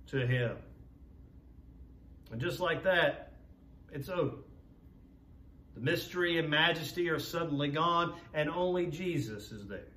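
Preacher with a high, echoing voice. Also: male voice, a bit bright. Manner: measured, earnest preaching with slowed emphasis. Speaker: pastor. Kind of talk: sermon. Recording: roomy echo, voice from a distance.

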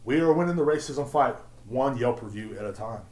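A man hosting his own podcast, ranting in a profane, slangy, animated way. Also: mid-range voice, brisk. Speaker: podcast host. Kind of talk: profane solo podcast rant. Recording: roomy echo.

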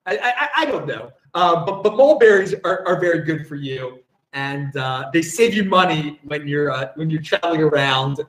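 Man, livestream host, casual rambling chat, chuckling, fairly high voice, roomy echo. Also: lively intonation, normal speed, a bit bright. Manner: rambling, chuckling, self-interrupting. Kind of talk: casual livestream chat, reading viewer comments.

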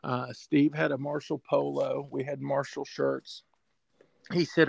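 A man who works as a sports information director, telling a story emotionally and haltingly, with many fillers. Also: medium pitch, little pitch movement, creaky, slightly rough, dry recording. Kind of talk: storytelling in an interview.

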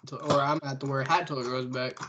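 A young man co-hosting a casual podcast chat, playful and quick to tease. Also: medium pitch, fairly even intonation, lo-fi sound, background noise. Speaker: podcast co-host.

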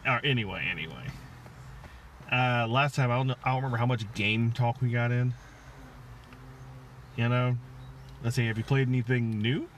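A man co-hosts a casual podcast with a medium-pitched, fairly bright voice at normal speed, pausing at length. He rambles and mocks himself, often trailing off mid-thought. The lo-fi recording carries a faint hiss.

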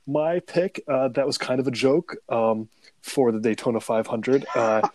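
A man's voice: mid-range voice, a little slow, darkish tone, no echo. A man co-hosting a sports betting podcast, chatting casually and joking loosely. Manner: loose and joking, laughs through his bits.

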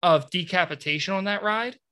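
Bright-voiced playful male host. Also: sits high, a little fast, clean tone. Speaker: podcast host. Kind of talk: casual chat.

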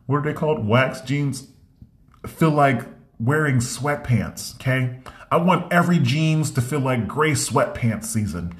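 A man in a casual ranting monologue, blunt and animated, repeating himself as he goes. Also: mid-range voice. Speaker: vlogger.

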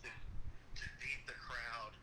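Bright-voiced man cracking dad jokes. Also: mid-range voice, steady tone, takes it slowly, rough recording. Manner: easygoing, tells dad jokes. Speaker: podcast guest. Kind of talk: casual podcast chat.

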